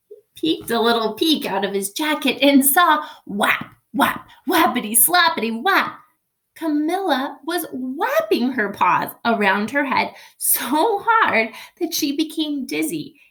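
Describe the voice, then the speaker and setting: A woman's voice: high-pitched, a bit bright, echoey room. A woman teacher reading a picture book aloud to her class, speaking expressively and asking the children questions.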